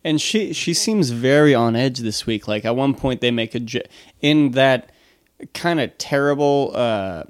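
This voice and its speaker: A podcast co-host in a casual conversation. The speaker gets excited, swears freely and often restarts sentences mid-thought. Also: mid-range voice, measured pace. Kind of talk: casual chat.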